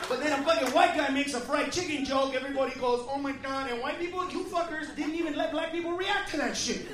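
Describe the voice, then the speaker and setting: High-voiced brash male stand-up comic. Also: quick pace. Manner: brash, profane, shouting at the crowd. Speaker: stand-up comedian. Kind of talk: stand-up comedy set. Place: comedy club stage. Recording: roomy club with loud crowd. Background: audience laughter and murmur.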